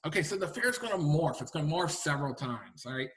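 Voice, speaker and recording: A middle-aged man, an author and historian, giving a lively library lecture to an audience, chatty and full of rhetorical questions. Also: fairly high pitch, fast talker, hardly any pauses. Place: library talk room.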